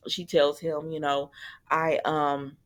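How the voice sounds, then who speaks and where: A woman's voice: deep voice, little pitch movement, slow. A woman casually recapping a soap opera episode, chatty and sassy, talking back to the characters.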